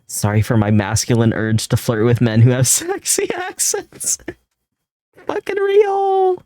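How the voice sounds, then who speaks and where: A man with a neutral American accent, streaming and chatting casually while drawing, rambling and swearing, laughing often and jumping up in pitch when he jokes. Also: huge pitch swings, measured pace, darkish tone, no echo, clean studio sound. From California. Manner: rambling, loose, swears often, laughs a lot, voice jumps high when joking.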